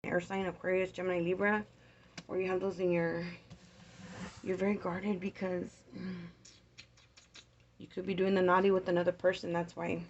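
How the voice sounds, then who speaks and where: Woman, tarot reader, blunt, swears casually, lowish voice, dull lo-fi recording, faint hiss. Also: level tone, moderate pace, long pauses. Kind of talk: casual tarot reading to camera. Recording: dull lo-fi sound with faint noise.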